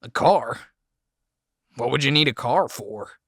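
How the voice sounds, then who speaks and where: A man voicing a bitter, menacing Southern man with a raspy, croaking voice and a Southern US accent, speaking slowly and accusingly. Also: mid-range voice, lively intonation, fairly bright tone, no echo, clean studio sound, exaggerated voice. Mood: brooding. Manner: slow, brooding, accusing.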